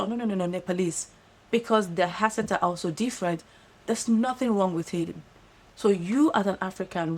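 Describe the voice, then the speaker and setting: A woman with a Nigerian accent giving earnest, fast-talking advice straight to camera, often checking in with "right?". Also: mid-range voice, rough recording. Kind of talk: direct-to-camera monologue. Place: lives in London.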